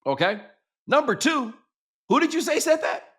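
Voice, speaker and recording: A man's voice: extremely high pitch, sing-song, normal speed, fairly bright tone. A middle-aged man hosting a sports talk show, talking in a casual, slangy, conversational way.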